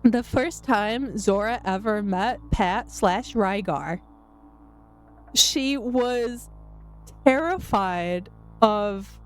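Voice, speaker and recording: A woman streamer chatting with her viewers, giggly and excitable, laughing herself to tears and often squealing. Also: medium pitch, very slow. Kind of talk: live-stream chat with viewers. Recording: faint music in the background.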